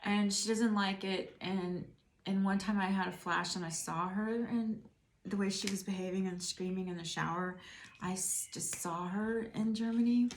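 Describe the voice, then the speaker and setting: A woman's voice: mid-range voice, steady tone, moderate pace, a little hiss or hum. A middle-aged woman giving a casual tarot reading, musing and rambling as she speaks to the viewer. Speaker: tarot reader. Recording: roomy echo.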